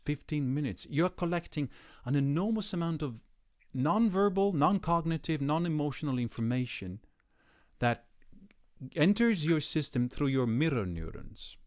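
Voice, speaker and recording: A man who gives voice workshops, explaining a concept in a reflective, emphatic way, slowing down and speeding up to stress his points. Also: medium pitch, a little mellow. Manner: reflective, emphatic, with varied pace and pauses. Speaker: voice coach. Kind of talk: explanatory talk to camera.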